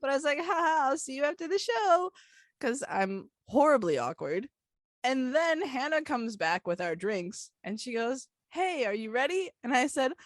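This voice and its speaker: A young woman tells a story on a podcast with a lively, somewhat high voice. She swings her pitch as she acts out both sides of the conversation. The sound is close and dry. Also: no room sound. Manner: animated, acts out dialogue, laughs often. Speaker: podcast co-host. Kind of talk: casual storytelling chat.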